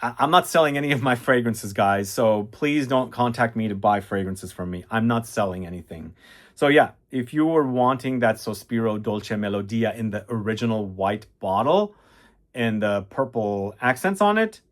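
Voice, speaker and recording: A man's voice: fairly low pitch, expressive, normal speed. A man casually reviewing fragrances, chatty and enthusiastic, rambling with fillers and restarts.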